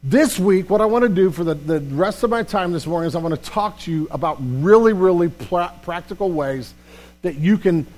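A man pastor preaching a sermon in a church, animated and emphatic, often repeating words as he builds a point. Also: high-pitched, normal speed. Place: church sanctuary.

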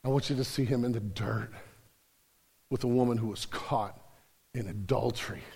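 A male pastor preaching a sermon in casual slang, swinging between loud urgency and hushed intimacy, with repeated words and restarts. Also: medium pitch, normal speed, gravelly, breathy edge. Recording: long reverb of a large hall.

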